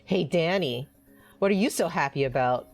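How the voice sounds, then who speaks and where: A woman voicing a gruff, rough-mouthed male serial killer, reading game dialogue aloud in a blunt, casual way. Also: low voice, expressive, normal speed, a little mellow, faint music behind.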